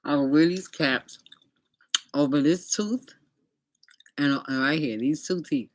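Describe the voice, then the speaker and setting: A woman's voice: sits low, a little slow, darkish tone, no echo. Chatty middle-aged woman telling stories. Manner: chatty, talks straight to viewers as y'all. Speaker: vlogger. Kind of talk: casual storytelling.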